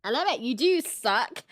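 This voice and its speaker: A woman from Scotland with a mid-range, slightly bright voice chats casually over a game on a livestream, reading and making fun of herself with frequent laughter. The recording is dry and of studio quality.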